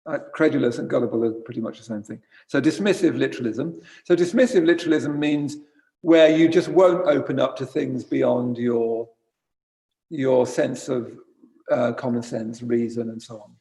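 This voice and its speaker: A man's voice: mid-range voice, moderate pace, mellow. A man giving an informal dharma talk as a Buddhist teacher, conversational and wry, often correcting himself mid-sentence. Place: retreat centre shrine room.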